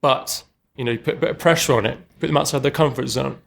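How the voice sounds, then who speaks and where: A young man from Norway talks about his film as an interview guest, in a casual, rambling way. He leans on "like" a lot and laughs at himself. His voice sits at an ordinary middle pitch. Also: fast, creaky, fairly bright tone. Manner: rambling, heavy use of "like", chatty and self-deprecating.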